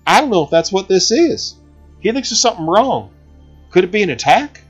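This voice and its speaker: A man's voice: sits high, very animated, fairly quick, slightly rough, faint music behind, pitched above the performer's own voice, heavily acted. A man voicing a tough, brash woman gunslinger who is a mother, talking urgently. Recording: slightly dull recording.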